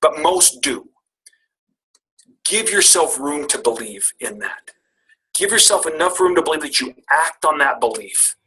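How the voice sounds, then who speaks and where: A man's voice: a little high, expressive, unhurried, bright, forceful tone, low-quality recording. A middle-aged man speaking as a guest, telling a candid, self-deprecating personal story to make a motivational point. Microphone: call audio.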